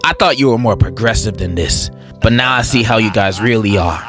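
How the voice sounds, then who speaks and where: Bright, animated young man joking sarcastically. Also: lowish voice, fairly quick, soft background music. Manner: sarcastic, exaggerated, playful. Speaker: comedic commentator. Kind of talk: comedic commentary.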